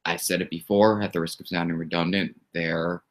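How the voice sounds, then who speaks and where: A man's voice: sits low, fairly even intonation. A man on a livestream speaking earnestly, with many fillers, tearing up as he talks. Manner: halting, many "you know" fillers. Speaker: streamer's roommate, psychology student.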